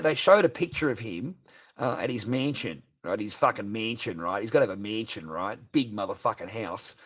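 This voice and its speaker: A man on a livestream, ranting profanely and asking "right?" again and again. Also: on the low side. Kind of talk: unscripted livestream rant.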